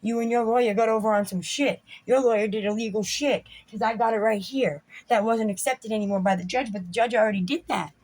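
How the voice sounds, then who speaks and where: Woman, husky voice, vlogger, heated profane rant, confrontational, talking to camera. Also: fairly high pitch, fairly even intonation, fairly quick, few pauses, a little mellow. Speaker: vlogger, mother. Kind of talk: ranting video monologue.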